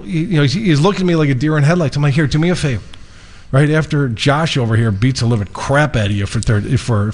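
A man hosting a radio show, casually telling a lively story and acting out both sides of the conversation. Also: mid-range voice. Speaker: radio show host and mortgage lender.

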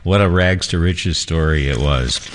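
A male morning news anchor with a very low voice. He chats loosely through the segment, sprinkling in fillers as he hands off to a correspondent. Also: a little slow. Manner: chatty, with frequent fillers.

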